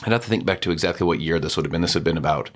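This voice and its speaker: Podcast guest, middle-aged man, deep voice, casual animated storyteller. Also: racing. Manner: animated storyteller, acts out quoted dialogue.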